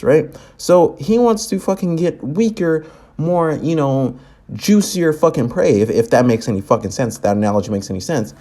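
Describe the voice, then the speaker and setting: A man's voice: medium pitch, darkish tone. A young man giving profane reaction commentary, ranting and mocking as he swears constantly. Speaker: commentary YouTuber.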